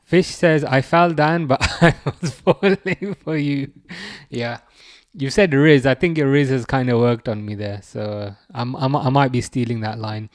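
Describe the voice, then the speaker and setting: A man's voice: mid-range voice, measured pace. A man from England chatting casually on a live football watchalong stream, reading out viewer messages and teasing them. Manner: chatty, reads chat messages aloud, teasing.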